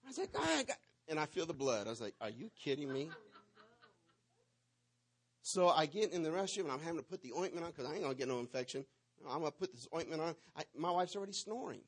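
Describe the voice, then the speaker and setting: A man, preaching to his congregation and telling a lively personal story, swinging between loud bursts and hushed asides. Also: fairly high pitch, quick pace, husky. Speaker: pastor.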